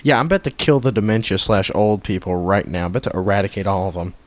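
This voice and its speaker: A man's voice: fairly low pitch, quick pace. A man co-hosting a casual comedy podcast, playful and teasing. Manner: playful, teasing, bursts of laughter. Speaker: podcast co-host.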